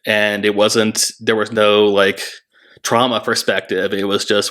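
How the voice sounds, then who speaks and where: A man with a fairly low voice recounts his time as a treatment center staff member. He speaks candidly and reflectively. He halts often and restarts his sentences. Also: little pitch movement, fairly bright tone. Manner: halting, reflective, many restarts. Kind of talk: candid conversational storytelling.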